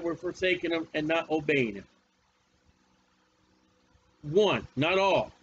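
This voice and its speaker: Male preacher, high-pitched, folksy and emphatic, slightly dull recording with faint background ambience. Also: slight background noise. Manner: folksy, emphatic, repeats phrases. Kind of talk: Bible study sermon.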